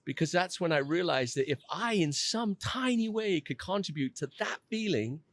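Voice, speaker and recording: Earnest storytelling man, slightly high voice. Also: lively intonation, normal speed, fairly bright tone, dry recording. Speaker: guest. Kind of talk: personal storytelling in a podcast interview.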